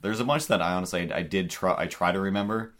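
Podcast co-host, male, Cape Breton accent, very deep voice, rambling casual talk full of fillers. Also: quick pace, fairly bright tone. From Cape Breton, Canada. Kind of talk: casual chat.

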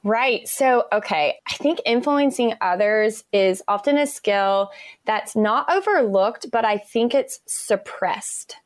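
A woman's voice: a little high, animated, takes it slowly, no echo. An enthusiastic woman, chatting as an interview guest and laughing often. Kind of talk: conversational interview.

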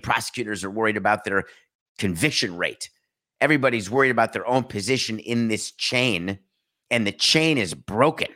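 A man's voice: fairly low pitch, expressive, moderate pace, pushed and bright. A man hosting a sports talk show, delivering an opinionated monologue full of rhetorical questions and sarcasm.

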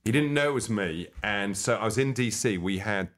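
A man's voice: fairly low pitch, lively intonation, normal speed, a bit bright. A British man, a comedian guest, telling stories in casual interview chat. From Britain. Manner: storytelling with quoted voices.

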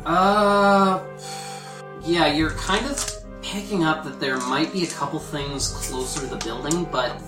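A game master narrating scenes in a tabletop game in a calm, descriptive way. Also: medium pitch, a little slow, echoey room, over music.

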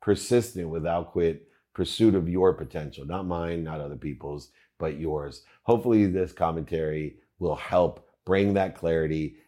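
A man hosting his own channel, giving measured, earnest commentary on his past videos in a list-like rhythm. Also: low-pitched, warm tone. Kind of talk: reflective commentary to camera.

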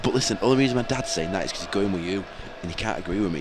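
A man's voice: low-pitched, racing. A man co-hosting a casual football podcast, laughing and arguing playfully. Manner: laughing, bantering, argumentative. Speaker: podcast co-host. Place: outdoors at a football stadium. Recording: noisy outdoor stadium recording.

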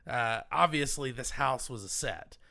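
A man's voice: medium pitch, unhurried, vocal fry, sharp tone. A man co-hosting a casual film podcast, giving emphatic, enthusiastic opinions on how a movie was shot. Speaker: podcast co-host.

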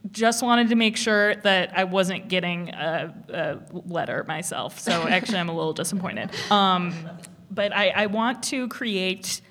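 A woman speaking on a panel in a casual discussion, animated, with many restarts and laughs. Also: on the low side, a little slow.

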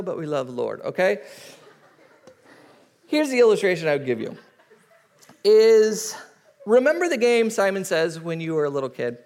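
High-voiced animated male pastor. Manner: animated storytelling, acting out voices. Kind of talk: sermon.

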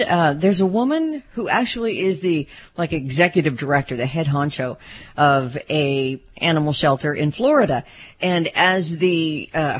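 Radio co-host, woman, husky, hesitant chatter. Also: on the low side. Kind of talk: casual radio chat.

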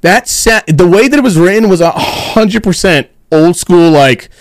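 A man's voice: high-pitched, lively intonation, measured pace, no room sound, studio quality. A man hosting a podcast in loose, joking casual chat, swearing freely. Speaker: podcast host.

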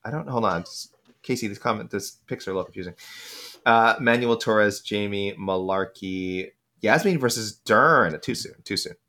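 A young man co-hosts a casual sports podcast in a somewhat low voice. He rattles through listener picks and talks over himself, restarting sentences and leaning on fillers. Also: sharp tone. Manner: quick, rambling, self-interrupting with many fillers.

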